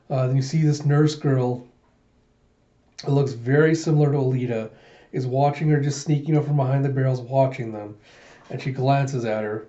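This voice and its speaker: A man casually reading through a comic, retelling each scene in a relaxed way with fillers. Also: medium pitch, normal speed. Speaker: reader of a manga readthrough. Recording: dull lo-fi recording.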